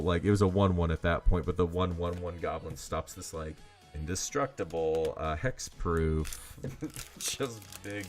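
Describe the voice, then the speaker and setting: A man talks in a loose, filler-heavy way while he hosts a card-selling livestream. His voice sits very low. Soft music plays quietly in the background. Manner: rambling and chatty, heavy on fillers. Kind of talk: casual livestream chat.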